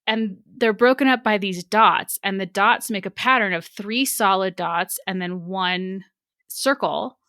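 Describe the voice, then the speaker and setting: A woman's voice: medium pitch, fairly bright tone, clean tone, no echo, studio quality. A woman co-hosting a book club podcast, talking casually and animatedly with many restarts. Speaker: podcast co-host.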